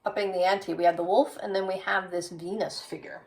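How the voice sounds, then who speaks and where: A woman's voice: mid-range voice, steady tone, a little fast, darkish tone, far from the mic, rough recording. A woman giving a tarot reading, musing aloud with frequent "right?" tags. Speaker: tarot reader.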